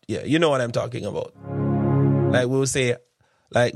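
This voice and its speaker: A man's voice: medium pitch, fairly even intonation, normal speed, soft background music. A Jamaican man, a minister and radio presenter, telling chatty, self-deprecating stories to a congregation in a sermon-style talk.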